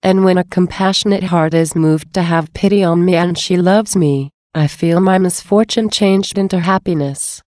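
A woman with a fairly low, mellow voice reads a devotional text aloud. Her delivery is slow, earnest and measured. The recording is dry and close, with no room sound. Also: dry recording. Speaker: devotional reader.

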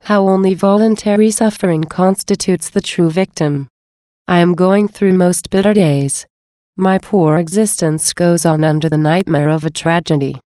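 A woman's voice: on the low side, moderate pace, dark tone, dry recording, clean studio sound. A woman reading a first-person devotional diary aloud in an earnest, pleading manner. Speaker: reader.

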